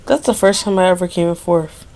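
A woman's voice: lowish voice, brisk, darkish tone. A young woman giving casual gameplay commentary, dramatic and pleading, complaining that luck is against her. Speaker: gaming video creator.

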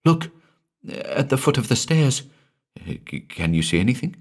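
A man's voice: mid-range voice, big pitch swings, normal speed, voice pushed up. A man voicing a terrified young male actor who talks in a hysterical, breathless way. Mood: fearful.

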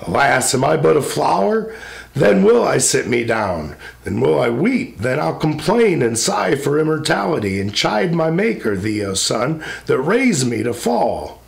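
A man's voice: fairly high pitch, very animated, measured pace, vocal fry, heavily acted. A man reading as a wistful, mournful young spirit. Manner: lyrical, lamenting declamation. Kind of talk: poetry recitation.

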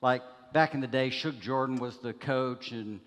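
A man's voice: medium pitch, normal speed. A man from Alabama, preaching as a guest speaker in a chatty, joking way with plenty of fillers. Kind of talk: sermon with jokes. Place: church sanctuary. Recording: long reverb of a church hall.

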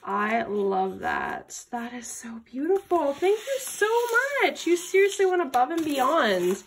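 A woman hosting an unboxing vlog at a craft table, gushing with excited exclamations over each item. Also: high-pitched, unhurried, a little hiss or hum. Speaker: craft channel host.

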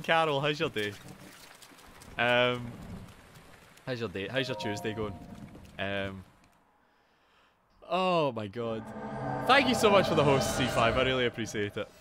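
A young man streaming a video game live, excitable, swearing often and chatting straight to his viewers. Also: mid-range voice, noisy background. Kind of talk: live gameplay commentary with chat.

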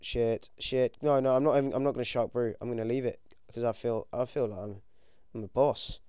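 Teen British male gamer, excitable and foul-mouthed, clean dry sound. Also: medium pitch, brisk, smooth, no room sound. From United Kingdom. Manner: excitable, swears a lot, yelps when things go wrong. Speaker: gaming commentator. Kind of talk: casual game commentary.

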